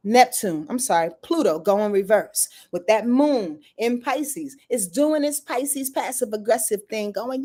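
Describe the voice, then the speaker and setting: A woman's voice: mid-range voice, lively intonation, unhurried, mellow. A woman astrologer talks through her weekly forecast in a casual, slangy way. She speaks right to her viewers, throws in swear words and laughs here and there.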